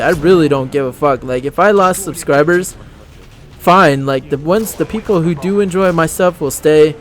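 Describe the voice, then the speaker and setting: A man's voice: a little high, moderate pace, slight background noise. A young man giving casual, rambling gameplay commentary, blunt and full of swearing.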